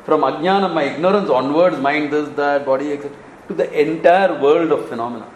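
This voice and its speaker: A man's voice: fairly high pitch, fairly quick, slight background noise. Male Indian spiritual teacher, Kerala-born, chuckling storyteller in an echoey hall. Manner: animated storytelling, acts out dialogues, chuckles often. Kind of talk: Vedanta discourse.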